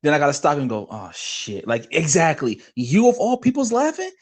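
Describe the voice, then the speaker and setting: On the high side and fairly quick, a man co-hosting a podcast drifts through long, rambling anecdotes in casual conversation, animated and laughing throughout.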